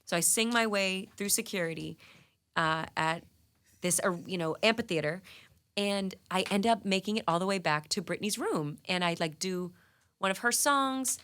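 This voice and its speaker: Bright, animated woman telling stories. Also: mid-range voice, normal speed. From New England, US. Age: 30s. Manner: animated, laughing, lots of "like" fillers. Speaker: guest singer. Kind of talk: casual interview storytelling. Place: radio studio.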